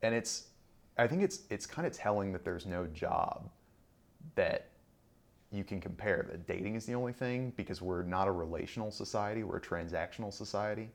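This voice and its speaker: A man in his thirties with a very low, gravelly voice, the kind that crackles into fry at the bottom of his phrases. He tells long, rambling stories as a guest in a relaxed interview, and he often stops on an um or backs up to restart a sentence. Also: normal speed. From Southern Illinois. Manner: rambling storyteller with frequent ums and restarts. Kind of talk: conversational podcast interview.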